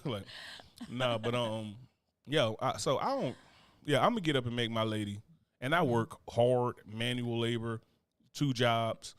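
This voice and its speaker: A man's voice: medium pitch, unhurried, clear, resonant tone, dry recording, studio quality. A man co-hosting a casual chat show, talking animatedly and profanely, joking and reading comments from the chat aloud. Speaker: podcast co-host.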